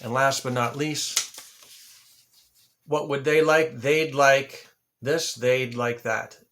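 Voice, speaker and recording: A man hosting an English lesson, slowly repeating example phrases and spelling words out. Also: medium pitch, steady tone, a bit bright, a little hiss or hum. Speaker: ESL teacher and channel host. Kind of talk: slow, deliberate English lesson.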